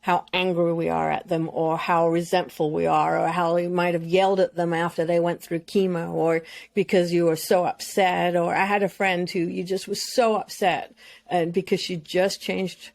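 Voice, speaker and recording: Earnest woman with a gravelly voice. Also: on the low side, flat delivery, moderate pace, a little mellow, no echo. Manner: earnest, emotional, speaks in long flowing runs. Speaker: mental health expert guest. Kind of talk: candid podcast conversation.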